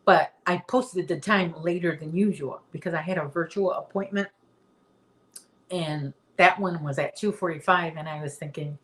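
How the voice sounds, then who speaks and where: A woman's voice: on the low side, moderate pace, a bit bright. A woman hosting a casual livestream chat from her home, chatty and reading viewer comments aloud. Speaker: livestream host.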